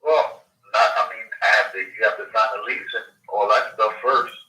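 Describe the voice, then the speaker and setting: Brief: sharp-toned man, curt practical answers, heard far off and echoey over speakerphone. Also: lowish voice, steady tone, moderate pace. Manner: brief, businesslike replies. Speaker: caller on phone.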